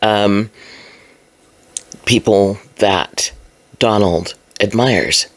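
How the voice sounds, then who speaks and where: Alone in a room, a woman records a solo video commentary in a bass voice, speaking extremely slowly. She sounds frustrated and emphatic, rambling with many fillers.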